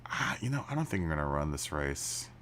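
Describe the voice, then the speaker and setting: A man's voice: very deep voice, big pitch swings, brisk, a bit bright, slight background noise. A man live streaming a racing game, chatting casually with viewers, laughing often and restarting his sentences. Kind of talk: casual chat while gaming. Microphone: studio mic through mixer.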